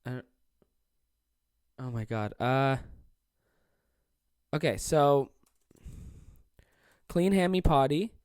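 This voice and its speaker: A jet-lagged young man rambles through a solo podcast, swearing freely and poking fun at himself. His voice sits at an ordinary pitch and sounds close and dry. He is alone in a small room. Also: expressive, slow, pauses often, a little mellow, clean tone, no echo. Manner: rambling, profane, self-deprecating. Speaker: podcast host and stand-up comedian. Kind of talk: casual solo podcast monologue.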